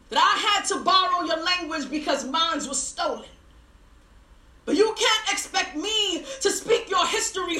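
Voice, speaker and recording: A woman's voice: very high-pitched, pushed and bright, reverberant. A young adult woman performing spoken word poetry with a rhythmic, rhyming, emphatic delivery.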